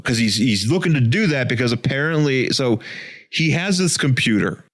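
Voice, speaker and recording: A man's voice: mid-range voice, animated. Rambling, jokey man chatting. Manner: rambling, jokey, acts out characters in quick asides. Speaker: podcast co-host. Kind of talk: casual comic-book chat.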